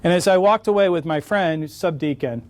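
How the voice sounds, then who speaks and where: A man's voice: fairly high pitch, moderate pace, darkish tone. A middle-aged man answering questions at a conference, joking and telling wry anecdotes. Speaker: conference speaker. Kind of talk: lecture Q&A answer. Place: conference hall.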